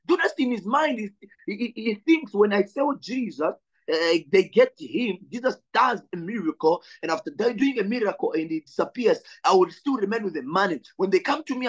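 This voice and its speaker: A man's voice: sits high, husky, poor audio. A man from Zambia, a pastor preaching a sermon with a repetitive, building delivery and direct appeals to his brothers and sisters.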